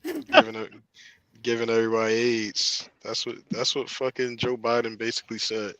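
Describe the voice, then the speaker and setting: A man's voice: medium pitch, very animated, normal speed, a bit bright, no echo, poor audio. Blunt slangy co-host, man, dry close recording. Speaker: podcast co-host. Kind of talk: casual chat.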